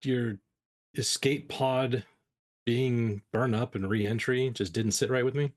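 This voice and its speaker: A man's voice: mid-range voice, fairly even intonation, slow pace. A man playing a tabletop game, speaking in a dry, hesitant way. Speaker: player. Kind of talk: casual tabletop game play.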